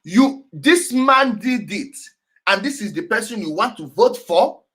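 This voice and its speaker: This show host's voice is high-pitched, a bit bright and breathy, with lively intonation and an unhurried pace. He reacts to clips with animated, emphatic commentary, repeating key words and laughing frequently.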